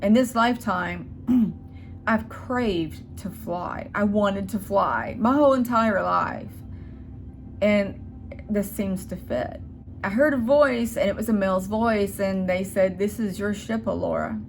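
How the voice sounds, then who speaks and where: A woman's voice: medium pitch, expressive, slow pace, a little hiss or hum. Earnest rambling woman vlogger. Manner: earnest, rambling, talks with hesitations and restarts. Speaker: channel host. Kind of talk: casual spiritual storytelling vlog.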